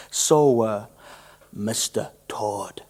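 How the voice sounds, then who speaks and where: A man's voice: lowish voice, darkish tone. A man with an Irish accent playing a swaggering con-man barber who poses as an Italian in a radio musical drama, with a mocking, wheedling drawl.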